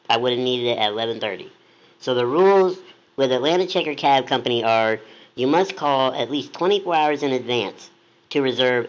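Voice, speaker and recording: A man co-hosting a casual chat, telling a story in an animated way and acting out quoted voices. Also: medium pitch. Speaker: blog co-host. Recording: dull lo-fi sound.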